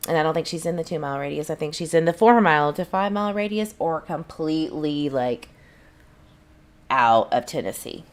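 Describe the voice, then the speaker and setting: A woman's voice: deep voice, lively intonation, a little fast. A woman, hosting a casual livestream and chatting back to viewers' comments in a rambling way. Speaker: channel host.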